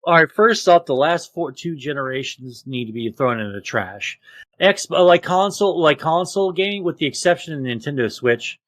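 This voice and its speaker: A man's voice: on the high side, lively intonation, normal speed, no echo. Ranting, profane man on a podcast. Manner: profane, ranting, loud outbursts. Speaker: podcast co-host. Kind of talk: casual podcast chat.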